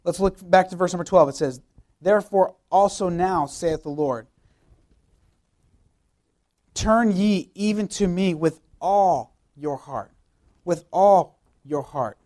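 A man's voice: high-pitched, takes it slowly, pauses often, darkish tone. A young man, a youth pastor, preaching a sermon with emphatic repeated phrases and rhetorical questions.

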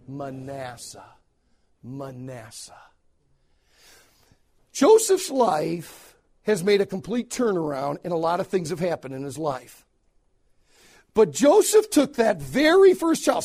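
A middle-aged man preaching a sermon to fellow preachers, swinging between loud shouts and hushed, quoted lines. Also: sits high.

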